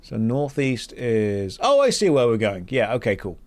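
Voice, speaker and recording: A man's voice: medium pitch, big pitch swings, moderate pace, darkish tone. Joking British man streaming a game. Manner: joking, rambling. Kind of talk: casual gameplay chat.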